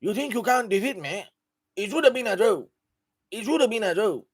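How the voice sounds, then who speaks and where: A man's voice: high-pitched, animated, brisk, breathy edge, voice pushed up. A man putting on a scolding Lagos-accented man. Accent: Lagos Nigerian.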